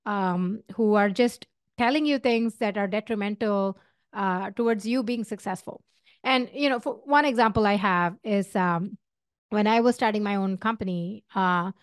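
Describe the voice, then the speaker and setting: Podcast host, woman, middle-aged, Indian accent, earnest and chatty, a bit high-pitched, dry sound. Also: smooth, no echo. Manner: earnest, conversational with many fillers and restarts. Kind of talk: solo advice talk.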